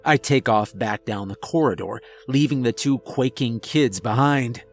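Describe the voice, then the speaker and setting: A man's voice: medium pitch, measured pace, faint music behind. A man narrating a first-person horror story in a tense, scripted delivery.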